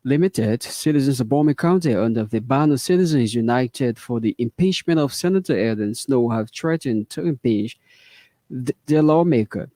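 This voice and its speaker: Mellow, dry Liberian news anchor. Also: male voice, medium pitch, no echo. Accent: Liberian English. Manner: measured formal newsreading. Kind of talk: read news report.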